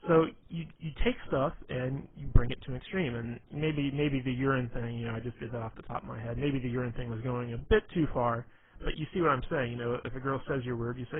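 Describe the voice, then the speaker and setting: A man's voice: medium pitch, fairly even intonation, fast talker. A man giving casual dating advice in a rambling way, full of fillers and restarts. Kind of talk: casual instructional talk. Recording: tinny phone-like audio with faint noise.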